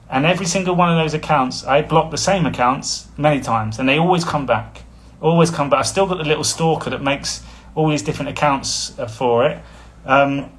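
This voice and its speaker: A man, a spiritual coach talking casually on a live stream, rambling and blunt, with frequent chuckles. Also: a little high. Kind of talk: casual livestream talk.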